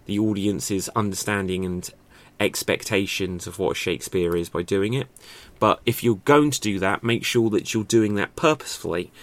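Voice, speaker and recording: A man with a fairly low voice teaches acting in a loose, chatty way. He keeps asking rhetorical questions and thinks out loud, with plenty of fillers along the way. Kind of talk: casual spoken lesson to camera.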